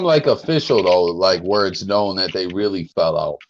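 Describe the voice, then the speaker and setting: A man co-hosts a podcast in a slangy, rambling casual chat, packed with fillers like "like" and "bro." His low voice moves at a moderate pace with hardly any pauses. The audio is muffled and lo-fi, with faint hiss.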